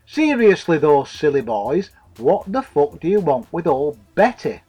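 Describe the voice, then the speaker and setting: A man's voice: on the high side, sing-song, unhurried, dark tone, slightly rough, muffled recording, soft background music, heavily acted. A man voicing a scruffy, slobbish caravan owner who is crude, jovial and mocking.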